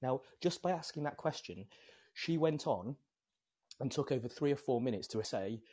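A man's voice: medium pitch, normal speed, no echo. A man with a British accent, chatting casually on a podcast and telling stories with frequent tag questions. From Britain. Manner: animated storyteller, tag questions like "right?".

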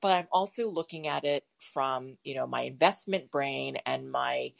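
A woman co-hosting a casual podcast, her voice sitting low with a gravelly fry running through it. She thinks aloud as she goes, looping through fillers and restarts before she lands a point. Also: moderate pace. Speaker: podcast co-host. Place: home setup with a bird in the background.

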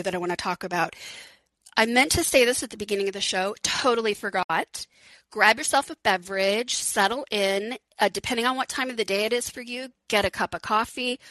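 A woman's voice: medium pitch, pushed and bright, no echo, low-quality recording. A woman hosting a live call-in podcast, talking frankly and chattily, laughing often and swearing casually. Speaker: podcast host.

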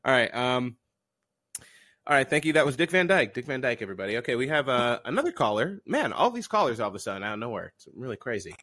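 A man running an improvised comedy call-in on a podcast. His voice is laid-back and deadpan, but his pitch jumps around a lot. The sound is dry and close to the mic. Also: quick pace, no room sound. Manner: laid-back, deadpan, breaks into laughter and shouts.

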